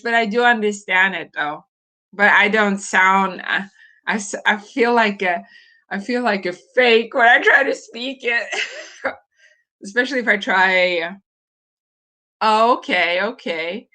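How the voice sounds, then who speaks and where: A woman's voice: medium pitch, bright, forceful tone. A woman in her forties from Norway, chatting casually and hesitantly with live viewers, laughing often. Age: 40s. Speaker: livestream host.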